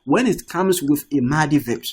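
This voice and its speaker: Husky-voiced man teaching Arabic. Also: on the high side, lively intonation, moderate pace. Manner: patient, repeats and rephrases each point. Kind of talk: language lesson, translating line by line.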